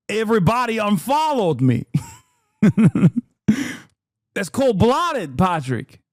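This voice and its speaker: A man's voice: sits high, very animated, drawn-out words, pauses often, no room sound, studio quality. A man streaming a casual reaction with crude, sarcastic asides and frequent laughing.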